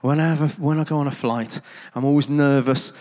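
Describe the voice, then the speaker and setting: A man's voice: a little high, fairly even intonation, brisk, darkish tone. A man tells anecdotes to a gathered audience in a loose, conversational way, full of ums and self-deprecating asides. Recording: long reverb of a large hall.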